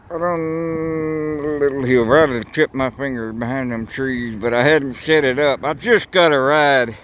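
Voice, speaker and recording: A man's voice: medium pitch, a bit bright, clean tone. A man vlogging outdoors beside railroad tracks, rambling in a folksy way and swearing casually, recorded on a handheld camera mic. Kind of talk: casual outdoor vlog narration.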